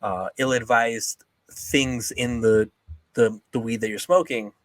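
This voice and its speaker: A young man co-hosting a casual podcast chat, animated and profane, often mocking people with quick impressions. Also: medium pitch, no echo. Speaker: podcast co-host.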